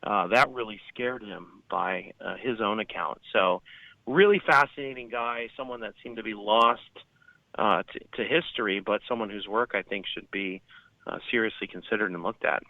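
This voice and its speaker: A man's voice: fairly low pitch, normal speed, creaky, no room sound. A man talking at length on a podcast, rambling with many fillers and restarts. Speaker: podcast guest. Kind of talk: conversational podcast talk. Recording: dull lo-fi sound.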